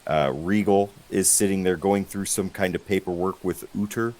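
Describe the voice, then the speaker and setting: A man narrating as game master, relaxed and halting. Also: sits low, poor audio.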